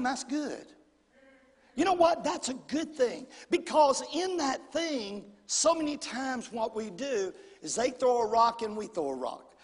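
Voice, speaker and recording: A middle-aged man with a drawl preaches in a folksy, animated style, calling out to his congregation. His voice sits unusually high and sounds husky. A long reverb trails each phrase, as in a big church hall. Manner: folksy, animated preaching with audience call-outs. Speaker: pastor. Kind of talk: sermon.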